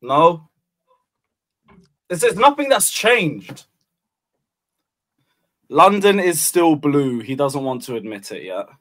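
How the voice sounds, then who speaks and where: A man's voice: a little high, big pitch swings, takes it slowly, pauses often, a bit bright. A man on a football podcast panel, teasing his fellow panelists and swearing freely in casual banter.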